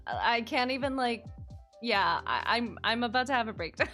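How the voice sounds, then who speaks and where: A woman streamer chatting live with her viewers, excitable and fond of cutesy minced oaths. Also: fairly high pitch, moderate pace, soft background music.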